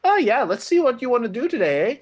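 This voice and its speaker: A man's voice: extremely high pitch, sing-song, fast, pitched above the performer's own voice, exaggerated voice. A man voicing a cheery, upbeat male adventurer in a tabletop game.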